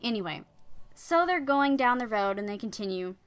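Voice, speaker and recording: A woman's voice: on the high side, lively intonation, normal speed, clean tone. Chatty woman retelling a legend. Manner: chatty, with wry asides. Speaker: storyteller. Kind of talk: casual story retelling.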